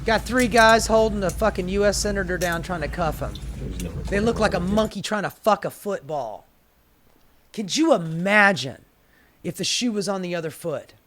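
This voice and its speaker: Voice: medium pitch, expressive, moderate pace, fairly bright tone, slight background noise. A political commentator ranting sarcastically and profanely, with exasperated rhetorical questions.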